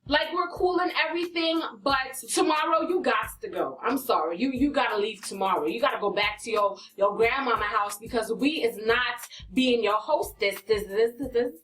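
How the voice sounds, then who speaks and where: A woman's voice: fairly high pitch, expressive, normal speed, few pauses, fairly bright tone, distant mic, rough recording. A woman telling a dramatic personal story for her vlog. She swears freely, asks rhetorical questions and acts out what people said. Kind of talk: storytime vlog, animated retelling.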